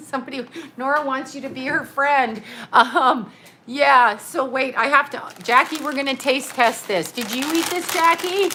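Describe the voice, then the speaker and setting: A woman's voice: a little high, noisy background. A middle-aged woman vlogging at home, unboxing a care package with lots of laughing and exclamations. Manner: excitable, laughs often, exclaims "oh my God".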